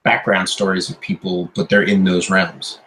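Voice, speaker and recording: Bright-voiced man rambling about games. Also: low voice, normal speed, a little hiss or hum, poor audio. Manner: rambling, excited gamer talk with many restarts. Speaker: podcast co-host. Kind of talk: casual chat.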